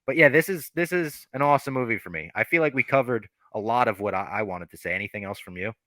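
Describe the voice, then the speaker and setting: A man's voice: medium pitch, animated, fast talker, sharp tone, dry recording. A man hosting a podcast, reviewing a movie in casual chat, enthusiastic and profane. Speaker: podcast host.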